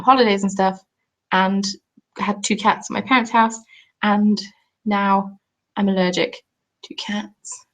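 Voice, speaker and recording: A young woman in her twenties, a craft YouTuber, chatting on a live stream at home and answering comments as they come in. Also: medium pitch. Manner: chatty, rambling, reads out and answers chat comments.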